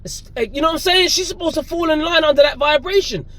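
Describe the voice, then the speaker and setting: A man's voice: extremely high pitch, fast talker, a bit bright, poor audio. A man preaching a confrontational, profane sermon outdoors, cursing and calling listeners "man" over and over. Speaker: religious preacher.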